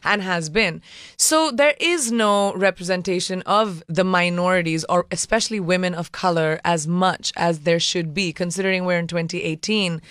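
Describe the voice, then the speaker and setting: A woman in her thirties with a modern Indian English accent, talking as a radio interview guest. She speaks earnestly and with emphasis. Her voice is smooth and resonant, and the sound is close and dry. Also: fairly low pitch, moderate pace, a bit bright, dry recording.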